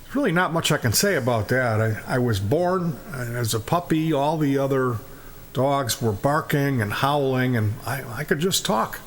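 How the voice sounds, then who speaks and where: A man's voice: medium pitch, animated, moderate pace, slight background noise, natural voice. A man voicing a boastful talking dog who spins tall tales in a joke. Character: smooth-talking male talking dog, boastful spy.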